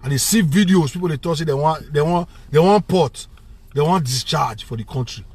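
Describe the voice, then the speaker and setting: Here the vlogger sounds higher-pitched and a bit quick, his tone darkish with a breathy edge, captured in a dry recording. In a Nigerian Pidgin English accent, he mixes Pidgin and English through a heated political rant that keeps repeating itself.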